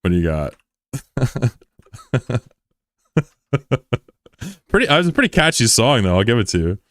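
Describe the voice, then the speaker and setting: A man's voice: medium pitch, big pitch swings, a little slow, no room sound, studio quality. A young man chatting casually on a game livestream, joking and sarcastic in a rambling way. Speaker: game streamer.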